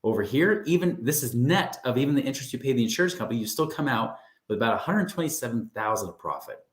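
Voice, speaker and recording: A man's voice: mid-range voice, big pitch swings, fast. Upbeat man presenting in an echoey room. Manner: upbeat, conversational, often asks "right?" and says "guys". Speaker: financial coach. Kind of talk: webinar presentation.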